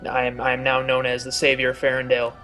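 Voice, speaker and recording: A man's voice: mid-range voice, completely flat delivery, quick pace, pushed and bright, faint music behind, lightly acted, low-quality recording. Man playing an earnest, pious paladin. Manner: earnest, formal speech with hesitations.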